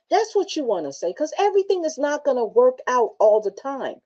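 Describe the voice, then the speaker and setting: A woman hosting a motivational talk show, reading from her book and telling personal stories in a casual, animated way with frequent laughs. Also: sits high, a little fast, few pauses, lo-fi sound.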